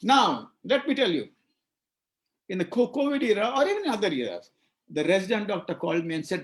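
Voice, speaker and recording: A man with an Indian English accent giving an animated webinar lecture, acting out dialogues and repeating words. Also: sits high, a little fast. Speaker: psychiatrist speaker at a medical webinar.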